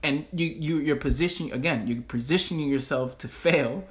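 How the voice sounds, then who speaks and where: A man hosting a motivational podcast, animated and slangy, often laughing. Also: fairly high pitch, fairly quick. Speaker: podcast host.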